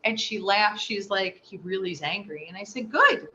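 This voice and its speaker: A woman being interviewed, telling a personal story with animated delivery and acting out the voices she quotes. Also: medium pitch, fairly quick. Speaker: interview guest. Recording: slightly dull audio with faint noise.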